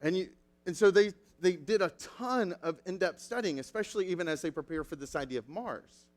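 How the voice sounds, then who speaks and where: A man preaching a sermon as pastor, telling stories with animated acted-out quotes. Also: high voice, fairly quick.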